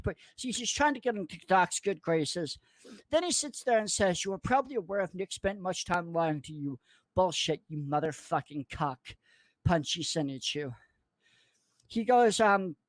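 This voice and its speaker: A man in a furious, profanity-laden livestream rant, cursing, threatening and mocking people in a squeaky put-on voice. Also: no echo. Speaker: online commentator.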